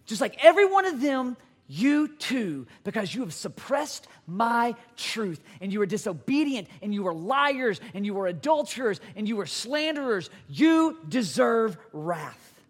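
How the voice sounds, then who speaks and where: Pastor guy preaching, highish voice, swoops up and down a lot. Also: unhurried. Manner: animated, emphatic preaching with acted-out quotes. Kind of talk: sermon.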